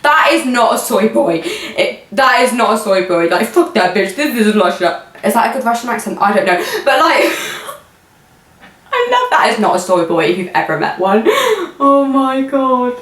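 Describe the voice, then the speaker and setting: A young woman giving excited, chatty reactions to a video. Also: on the high side, moderate pace, echoey room, distant mic. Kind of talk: casual reaction commentary.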